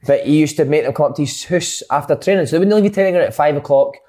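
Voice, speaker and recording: Host, Scottish, quick-fire banter, a touch higher pitched. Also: male voice, animated, mellow. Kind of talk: casual chat.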